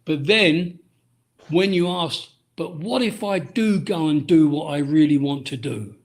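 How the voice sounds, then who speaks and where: His voice runs on the high side and his delivery is unhurried. The British ski instructor and author, middle-aged, chats loosely in an interview, wandering off course with frequent "um"s and sentences he keeps starting over.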